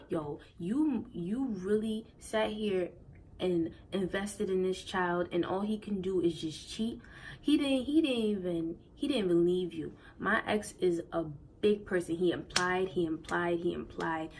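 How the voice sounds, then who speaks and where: A young woman with a slightly low voice tells her story in loose, slangy talk, circling back and repeating herself. She sounds emotional and near tears. A faint ambient hum sits behind her. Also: a little slow, a little mellow, low-quality recording. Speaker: vlogger. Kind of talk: storytime vlog, casual.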